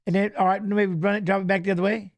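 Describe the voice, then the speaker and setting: Brief: high-pitched male host, casual rambling watch-along chat, keeps saying "you know what I mean". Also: little pitch movement, racing. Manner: loose, rambling, chats with viewers, reads fighter stats aloud.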